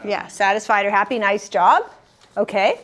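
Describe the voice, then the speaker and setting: A woman leading a group word game class, upbeat and encouraging, slowing down to stress syllables. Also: mid-range voice, lively intonation, a bit bright. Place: room with a live group.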